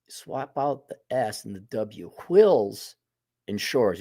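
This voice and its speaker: A man's voice: fairly low pitch, expressive, a little slow, warm tone, dry recording, clean studio sound. A man hosting a casual opinion monologue, talking in a blunt, sardonic, profane way. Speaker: host.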